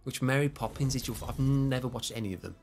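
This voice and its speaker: Male streamer, mid-pitched voice, laid-back and self-deprecating, faint background hum. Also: fast. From West Midlands, England. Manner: casual and self-deprecating, reading chat between bursts of game reactions. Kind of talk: live gameplay stream, chatting with viewers.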